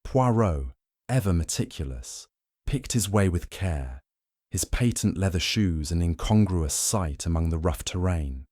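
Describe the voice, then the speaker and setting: A man narrating a mystery audiobook in a measured, dramatic way. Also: low-pitched, lively intonation, a little mellow, dry recording, clean studio sound.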